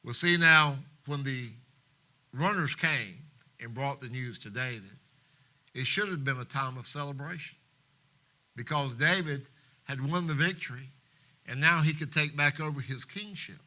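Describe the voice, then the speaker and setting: A man preaching a sermon in a church, passionate, swinging between hushed tones and loud emphasis, and reading scripture in King James wording. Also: medium pitch, measured pace, pauses often. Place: church live stream.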